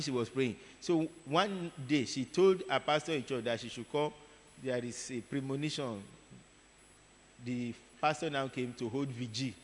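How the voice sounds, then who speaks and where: A man preaching a sermon, telling a story in an animated way and repeating words for emphasis. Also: mid-range voice. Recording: long hall reverb.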